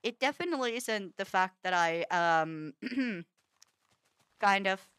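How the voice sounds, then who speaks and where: A woman's voice: medium pitch, expressive, takes it slowly, a bit bright, smooth, no room sound. A woman streaming a building game, chatting casually, scolding the game in playful frustration and laughing often. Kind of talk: casual gameplay chat.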